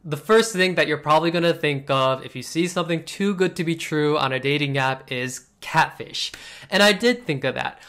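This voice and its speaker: A young man telling a personal story to camera in a casual, expressive vlog style, full of "like" fillers. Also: fairly high pitch, moderate pace. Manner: chatty and expressive, many "like" fillers, laughs while telling. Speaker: vlogger.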